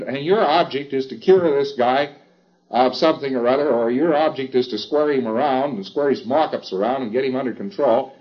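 A man's voice: mid-range voice, lo-fi sound. A man giving an informal lecture in a wry, chatty way, with emphatic asides.

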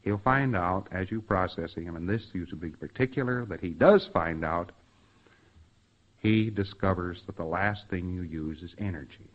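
Deep-voiced and moderately paced, a man addresses trainees in a folksy lecture, voicing quoted lines and making sound effects. The recording is lo-fi, dull and muffled.

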